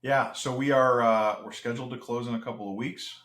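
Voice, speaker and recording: A man's voice: medium pitch, fairly even intonation, a little fast, fairly bright tone. Reflective man in a roomy space. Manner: earnest, reflective, with many restarts. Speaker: interview guest. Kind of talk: casual podcast conversation.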